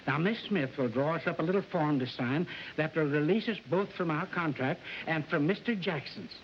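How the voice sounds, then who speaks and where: Actor playing a record-company boss, flustered, blustering and fawning; 1940s film style, lo-fi with hiss. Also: male voice, fairly high pitch, moderate pace, close to an everyday voice. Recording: dull old film soundtrack with hiss.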